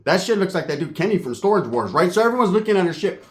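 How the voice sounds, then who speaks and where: A man telling a comic story, animated and profane, acting out the voices of the people in it. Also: high voice, fast talker. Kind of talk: comedic storytelling.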